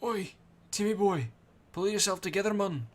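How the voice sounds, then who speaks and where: Guy doing a shouty welsh fairy buddy, cheeky and raised up in pitch. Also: moderate pace, slight background noise, lightly acted. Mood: brash. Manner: brash, shouting, chummy. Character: loud cheeky Welsh male fairy sidekick.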